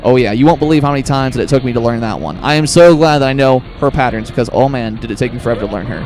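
A man hosting a gaming video, talking viewers through a boss fight in a chatty, excitable way. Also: mid-range voice, racing, soft background music. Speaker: gaming channel host. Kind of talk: let's play commentary.

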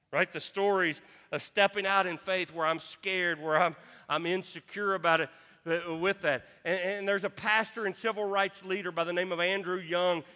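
A man's voice: sits high, bright, forceful tone, long reverb tail. A man preaching a sermon as pastor, impassioned, who often repeats himself on restarts. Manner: impassioned, repeats words, quotes scripture. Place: church sanctuary.

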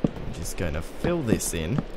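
A man's voice: sits low, very animated, a little slow, heavy background noise. An Australian man with a put-on British accent, chatting his way through a video game and talking to the creatures in it. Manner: chatty, rambling, talks to game mobs. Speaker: let's play host. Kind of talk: gaming commentary. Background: keyboard typing and clicks.

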